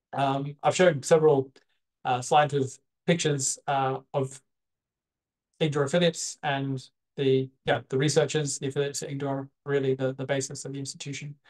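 A man's voice: a little high, a little mellow, rough recording. A man giving an online presentation over a video call, hesitant, with many fillers and restarts. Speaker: guest speaker.

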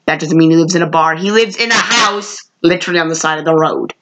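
A woman vlogger reviewing old cartoons in a casual, rambling way, correcting herself often and jumping up in pitch when she exclaims. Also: fast, a bit bright, slight background noise, rough recording. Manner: rambling, with frequent self-corrections.

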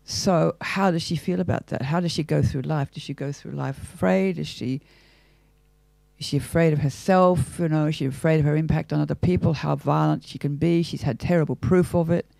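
A woman's voice: low-pitched, fairly even intonation, a little fast, gravelly, mellow, dry recording. An older Australian woman, an actress talking thoughtfully and theatrically in an interview, asking herself questions as she goes. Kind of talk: reflective interview talk.

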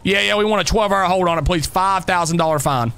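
Guy streaming a cop rp game, loud and laughy, high bright voice. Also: gravelly. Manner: loud, laughing, quick exclamations. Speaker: streamer playing a police officer. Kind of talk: excitable role-play radio chatter and chat shout-outs.

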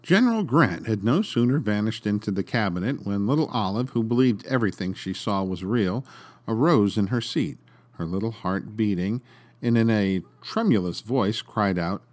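A man hosting a podcast and reading a story aloud in an expressive, dramatic way. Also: lowish voice, normal speed. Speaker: podcast host and narrator. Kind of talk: storytelling narration.

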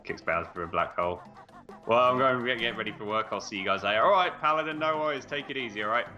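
A British man keeps up quick, casual gaming commentary while co-hosting a let's play, bantering and humming nonsense tunes. His mid-range voice sounds pushed and bright. The recording is dull and lo-fi, with game music behind him.

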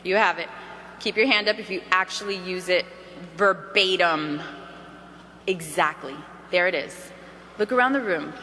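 A woman giving an energetic motivational sales training to a roomful of people, acting out phone calls as she goes. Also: lowish voice, measured pace, pauses often, long reverb tail, a little hiss or hum. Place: meeting hall.

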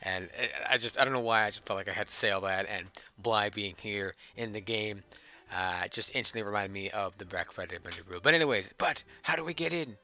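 Bright-voiced young man gaming, swearing. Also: on the low side, fast talker. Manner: swears freely and laughs a lot. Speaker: let's play gamer. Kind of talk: casual game commentary.

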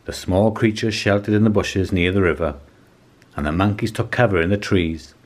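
Deep-voiced man reading a children's story. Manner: calm, measured storytelling. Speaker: storybook reader. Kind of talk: reading a children's picture book aloud.

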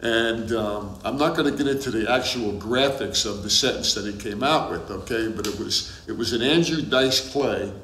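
A man's voice: on the low side, moderate pace, few pauses, a bit bright. A man, the show's producer, telling an anecdote and checking in with his listeners as he goes. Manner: punctuates his story with "okay?" and "right?". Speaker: show producer. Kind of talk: casual anecdote. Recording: roomy, with faint background noise.

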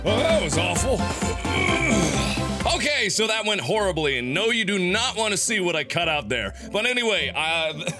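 A man doing let's play commentary, loud and exclaiming, teary and pained from wasabi burn. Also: high-pitched, big pitch swings, brisk, music in the background. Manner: loud, exclaiming, yelping in pain. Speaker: gaming video host.

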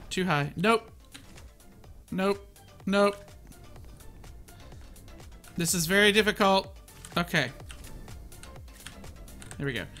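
A man giving casual, excitable commentary as he plays a video game and narrates his own moves. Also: on the high side. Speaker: gaming channel host.

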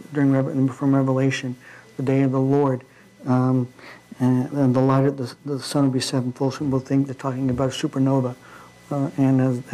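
A man preaching an informal midweek sermon in a church, talking in a halting way with frequent fillers and restarts. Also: medium pitch, warm tone, rough recording.

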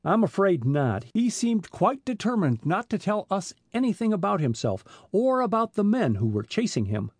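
Guy doing a earnest teen boy, higher voice, bouncy. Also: big pitch swings, normal speed, hardly any pauses, darkish tone, breathy edge, no room sound, studio quality, full character voice. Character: earnest teenage boy detective, level-headed older brother.

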